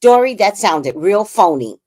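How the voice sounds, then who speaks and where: A woman's voice: medium pitch, big pitch swings, unhurried, a little mellow, a little hiss or hum. A middle-aged woman and grandmother hosting a casual livestream chat, talking bluntly with profanity and telling family stories. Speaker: livestream host.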